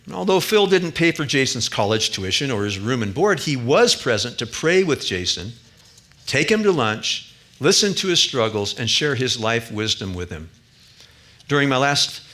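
A male pastor delivers a sermon in a bright, forceful voice. He talks earnestly, swelling to emphatic high points and then sinking low and soft. His pitch sits in an ordinary middle range for a man. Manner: earnest, rises to emphatic peaks then drops quiet.

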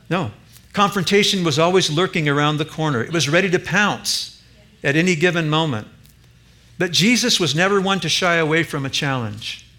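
A male preacher delivers a sermon in a bright, slightly high voice. He speaks emphatically and turns often to the congregation with direct questions. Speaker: pastor.

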